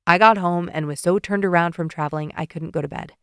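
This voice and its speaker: Picture a woman reading an audiobook, doing a gentle young man in love, his voice pitched a touch lower than hers and kept soft and hushed. He sounds tired but sincere. The recording is close and completely dry. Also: quick pace, smooth, no echo. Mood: tender. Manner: soft, low-key and hushed.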